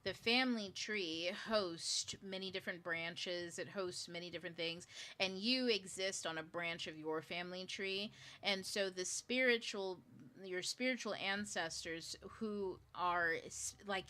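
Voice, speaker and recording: A woman's voice: mid-range voice, a little slow, sharp tone. A woman hosting a book club, explaining spiritual ideas in a loose, chatty way, full of fillers and the odd swear word. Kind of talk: casual spiritual teaching talk.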